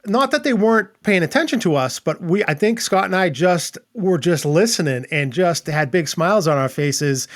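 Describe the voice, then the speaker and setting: A man's voice: fairly high pitch, dry recording, studio quality. A man who is a podcast guest, recalling an experience earnestly in casual chat, with frequent restarts.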